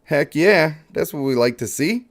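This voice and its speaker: A man's voice: fairly high pitch, normal speed. A young man hosting a live mobile game stream, joking and hyping up his pulls for chat. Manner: playful, excitable, joking with chat.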